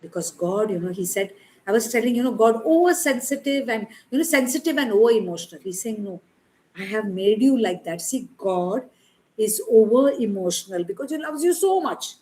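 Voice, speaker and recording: A woman's voice: on the high side, mellow, poor audio. A woman in her thirties with an Indian English accent, preaching an emphatic sermon and acting out her prayers to God. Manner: emphatic, repeats words for stress.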